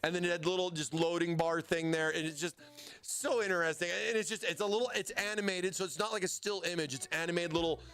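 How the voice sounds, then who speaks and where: A man's voice: high voice, fast, a bit bright, clear, resonant tone, soft background music. A man hosting a casual product livestream, rambling and often stammering and repeating words. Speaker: livestream host.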